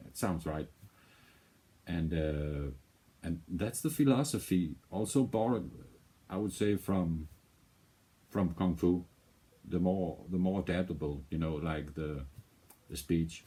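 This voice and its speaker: A man's voice: low-pitched, expressive, measured pace, warm tone, husky. A man hosting a music reaction video, rambling in casual commentary and swearing freely.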